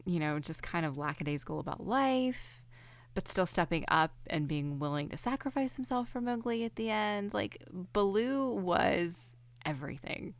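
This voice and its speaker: A woman's voice: lowish voice, expressive, moderate pace, no room sound. A woman with a Southern American accent co-hosting a podcast, chatting with enthusiasm. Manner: enthusiastic, gushing. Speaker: podcast co-host. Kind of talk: casual chat.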